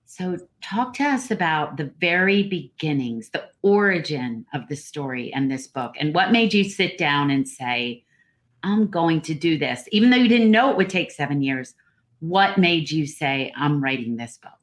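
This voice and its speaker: A woman hosts a casual author interview and puts relaxed open questions to her guest. Her voice sits a little low for a woman. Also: normal speed. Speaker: interview host.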